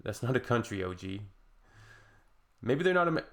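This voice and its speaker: A man's voice: mid-range voice, very animated, normal speed, pauses often. A man hosting reaction commentary in a sarcastic, mocking way. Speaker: reaction video host.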